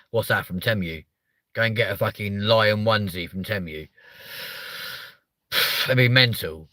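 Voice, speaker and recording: A man's voice: unhurried, long pauses, pushed and bright, no room sound. A man hosting a comedic live stream, rambling and swearing as he jokes with his viewers. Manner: sweary, rambling, jokey, slips into silly high voices.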